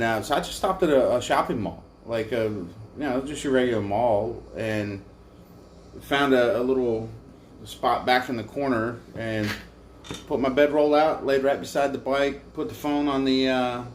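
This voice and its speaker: A man's voice: mid-range voice, slight background noise. Tired, profane man telling a road story. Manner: crude, profane, self-mocking storyteller. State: tired from little sleep. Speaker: motorcycle travel vlogger. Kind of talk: casual storytelling.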